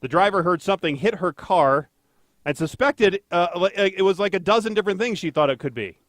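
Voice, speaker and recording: A man's voice: high voice, expressive, brisk, a bit bright, dry recording. A man co-hosting a casual podcast, rambling and joking with lots of fillers and self-deprecating asides. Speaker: podcast co-host, traffic anchor.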